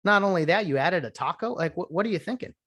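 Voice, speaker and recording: A man's voice: high-pitched, expressive, quick pace, bright, forceful tone, voice pushed up, full character voice. A man playing a stern grown male football coach who scolds a player while reviewing film. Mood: exasperated. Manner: scolding, demanding.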